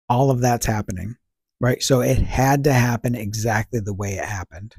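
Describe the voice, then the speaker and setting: A man's voice: medium pitch, moderate pace, a little mellow, husky, dry recording, clean studio sound. A man hosting a podcast, talking through ideas in a casual, reflective monologue, posing rhetorical questions and answering them himself. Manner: conversational, fillers like "you know" and "right". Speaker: podcast host.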